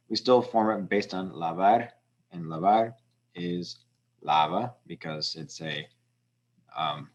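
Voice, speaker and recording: Low-voiced male teacher, relaxed walkthrough. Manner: relaxed, many ums, explains step by step. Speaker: Spanish teacher. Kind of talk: screen walkthrough lesson.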